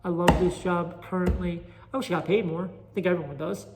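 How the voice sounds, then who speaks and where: Recorded on a phone in an echoey chamber, this solo podcast monologue comes from a man with a New York Italian accent whose voice sits high and steady and moves briskly over heavy background noise. An amateur stand-up comic as well as a host, he talks casually and restlessly, rambling and running down his own stand-up.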